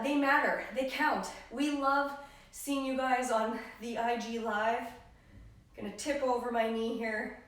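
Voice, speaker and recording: High-voiced woman coaching a home workout. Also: far from the mic. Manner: encouraging, cueing breath and form. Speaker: fitness trainer. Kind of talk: live home workout instruction. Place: living room at home. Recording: very echoey room, voice off-mic.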